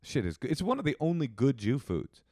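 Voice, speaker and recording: A man co-hosting a comedy podcast in a casual, joking way, with bursts of mock outrage. His pitch swings widely as he riffs. The sound is dry and close, with no room in it. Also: very animated, fairly quick, mellow, breathy edge, no room sound. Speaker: podcast co-host.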